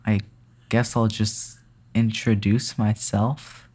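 A man's voice: on the low side, flat delivery, slow pace, darkish tone. A man playing a tabletop game, speaking hesitantly and cautiously. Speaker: player.

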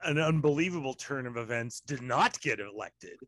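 A man's voice: medium pitch, animated, normal speed, a bit bright, no echo. A man hosting a casual podcast chat with his sister, talking in a wry, rambling way with sarcastic asides. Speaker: podcast host.

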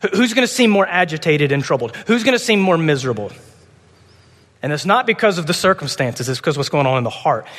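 Man preaching, higher voice, ringing hall echo, pleads loud then drops soft. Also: expressive, a little fast. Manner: passionate, swings from loud urgent pleading to soft hushed tones. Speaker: pastor. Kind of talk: sermon.

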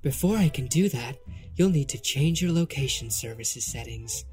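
A man's voice: mid-range voice, animated, moderate pace, a little mellow, soft background music, close to an everyday voice. A man voicing a security robot that speaks as a female phone assistant, in a polite, prompt-like way. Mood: helpful.

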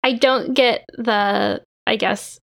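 A woman's voice: on the high side, steady tone, slow pace, creaky, a bit bright. A woman co-hosting a casual podcast, recapping a TV episode in a laid-back, sarcastic way, with some swearing. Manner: laid-back, sarcastic, swears, quotes characters in mock voices. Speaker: podcast co-host recapping a drama. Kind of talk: casual chat.

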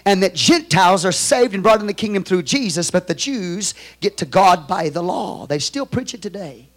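A man with a Texan accent preaching a sermon as pastor, moving from quiet storytelling to loud, shouted exhortation. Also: sits high, expressive, moderate pace.

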